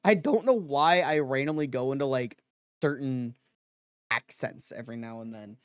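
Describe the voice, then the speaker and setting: Relaxed rambling man chatting on stream. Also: mid-range voice, normal speed, clear, resonant tone, dry recording, clean studio sound. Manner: rambling, relaxed, repeats himself and self-corrects. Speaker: livestreamer. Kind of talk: casual chat.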